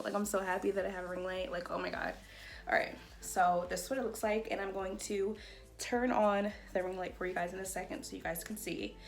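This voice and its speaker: Chatty young woman unboxing gear at home. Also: medium pitch. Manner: chatty, excitable, says "like" and "y'all" a lot. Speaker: beauty vlogger. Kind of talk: casual unboxing vlog. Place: bedroom at home. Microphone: phone or camera on a tripod.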